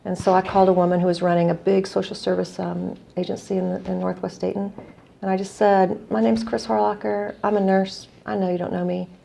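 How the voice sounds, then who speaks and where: A woman's voice: mid-range voice, flat delivery, a little fast, creaky, mellow, a little hiss or hum. A middle-aged woman from the United States, an earnest guest telling a story in conversation and quoting others as she goes. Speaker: guest, non-profit executive director.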